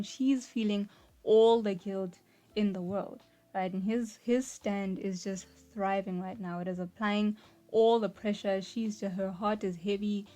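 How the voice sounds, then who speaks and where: A young woman casually talking through an anime storyline, lively and chatty, often dropping "like" and "right?". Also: medium pitch, a little slow. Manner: animated, acts out quoted characters, frequent "like" and "right?". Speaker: anime video essayist. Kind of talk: casual commentary.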